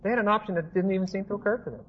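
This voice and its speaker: High-voiced man teaching scripture. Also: very fast, lo-fi sound, slight background noise. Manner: explanatory, emphatic, with asides and rhetorical questions. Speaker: Bible teacher. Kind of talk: expository Bible teaching.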